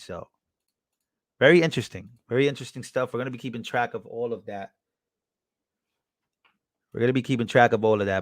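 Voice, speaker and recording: A man's voice: on the high side, a bit bright, no room sound, studio quality. A man hosting a live stream, giving casual commentary and repeating himself as he reacts to clips. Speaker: livestream host.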